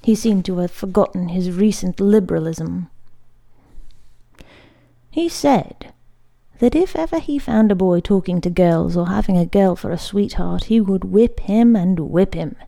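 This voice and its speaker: A woman reading a literary short story aloud in a measured, unhurried way, sometimes dropping to a hushed near-whisper. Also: medium pitch, creaky. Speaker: audiobook reader.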